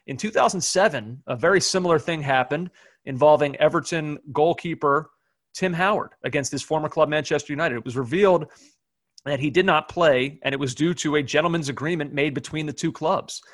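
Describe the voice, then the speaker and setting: A man co-hosts a casual sports podcast, running through the news in a slightly high voice. He stumbles and restarts now and then and breaks into quick laughs. The sound is dry and close to the mic. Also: no echo. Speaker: podcast co-host.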